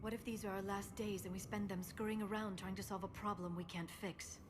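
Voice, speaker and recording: An actress voicing an earnest, worried young scientist in a video game, talking softly. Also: female voice, medium pitch, fairly quick, lightly acted. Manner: soft and worried, self-doubting. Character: earnest young alien woman scientist, anxious. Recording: game audio over steady noise.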